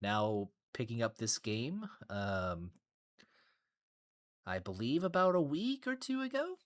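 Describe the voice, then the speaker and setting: A man casting a tennis game tournament stream in a relaxed, chatty way, laughing often as he announces matchups. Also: medium pitch, slow. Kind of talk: casual stream commentary.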